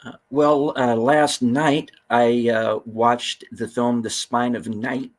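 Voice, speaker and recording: A man co-hosting a casual live-stream chat, talking in a relaxed, easygoing way. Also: medium pitch, takes it slowly, rough recording. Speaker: co-host.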